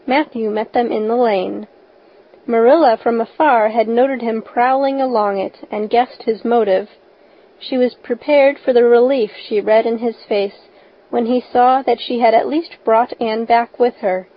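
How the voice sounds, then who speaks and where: A woman reading a story aloud as narrator, in a steady, even storytelling manner. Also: fairly high pitch. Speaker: audiobook narrator. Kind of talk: scripted narration. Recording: dull lo-fi recording.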